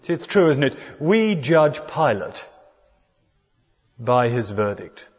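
Taking his time in a sing-song, mid-range voice, a preacher gives an expository sermon conversationally, putting rhetorical questions to the congregation. The sound is dull and echoes through a large hall.

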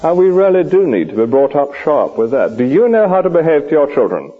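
A man's voice: fairly high pitch, brisk, husky. A man preaching a sermon at a lunch hour church service, asking his listeners question after question. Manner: lively, questioning preaching with rhetorical asides. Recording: dull lo-fi old recording.

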